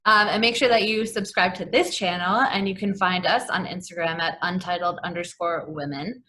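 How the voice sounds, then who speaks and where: A woman's voice: fairly low pitch, steady tone, normal speed, bright, forceful tone, slight background noise. A woman hosting a casual interview, prompting her guest with easy questions and closing the show. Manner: laughs often, friendly prompting questions. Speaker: interview host.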